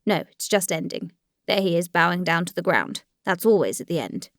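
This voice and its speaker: Woman reader as a troubled young man, uneasy, halting, quiet, lowered tone. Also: animated, dry recording, studio quality. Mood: musing. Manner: halting, uneasy inner speech. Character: troubled young man doubting his faith.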